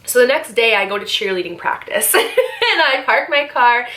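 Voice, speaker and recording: A young woman vlogger casually telling a storytime, animated and swearing as she acts out the other people in it. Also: a little high, moderate pace.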